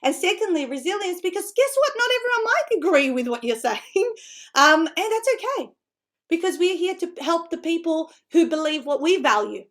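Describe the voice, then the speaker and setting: An Australian woman coaching would-be authors in a seminar talk, bubbly and quick to laugh. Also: very high voice. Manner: bubbly, laughing often, animated. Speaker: author and book-writing coach.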